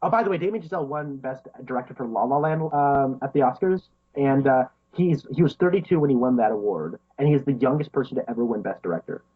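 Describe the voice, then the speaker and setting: A man's voice: mid-range voice, lively intonation, quick pace, hardly any pauses, slightly rough, phone-quality sound. A man co-hosting a podcast, chatting casually and enthusiastically about a film, laughing often and filling with "um" and "like". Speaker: podcast co-host.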